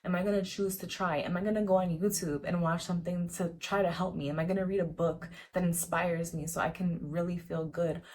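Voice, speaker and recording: A woman's voice: on the low side, steady tone, a little fast, few pauses, darkish tone. A young woman vlogging to camera in a casual, earnest, encouraging way, full of "like" fillers and repeated words. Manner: chatty, repetitive, lots of "like" fillers. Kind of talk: casual motivational talk to camera.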